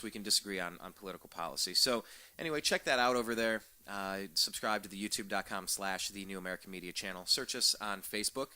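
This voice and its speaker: A male political talk show host with a bright, bouncy voice that swings up and down. He jokes around and leans on sarcasm. The sound is dry and close, with no room echo. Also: fairly low pitch. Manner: upbeat, joking, sarcastic.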